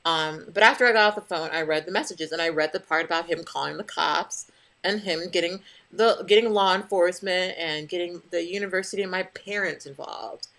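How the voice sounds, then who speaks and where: A woman's voice: on the low side, brisk, a bit bright. A young adult woman venting to camera in a casual vlog, blunt and profane as she tells her story. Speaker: vlogger.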